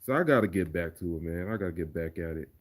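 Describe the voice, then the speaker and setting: Laid-back man with a lowish voice. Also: expressive, fast talker. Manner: laid-back, profane, repeats words while thinking. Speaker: livestreamer and remix producer. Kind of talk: casual livestream Q&A.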